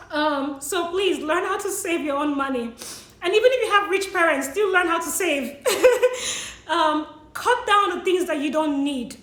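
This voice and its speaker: Tearful high-voiced woman in an echoey room. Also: fairly bright tone. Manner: emotional, apologetic, laughs through tears. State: tearful, sniffling. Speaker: vlogger sharing money tips. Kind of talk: emotional personal vlog.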